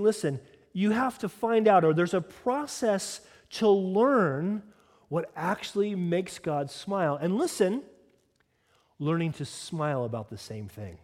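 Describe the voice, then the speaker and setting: A man's voice: high voice, a little mellow. A man preaching a sermon as a pastor, moving between earnest teaching and casual conversational asides. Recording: long hall reverb.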